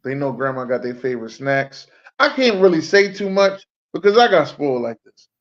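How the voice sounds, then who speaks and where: A man's voice: on the high side, very animated, brisk. A man hosting a podcast in casual, chatty talk. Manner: laid-back, chatty, with fillers. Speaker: podcast host. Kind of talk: casual chat. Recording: dull lo-fi stream audio.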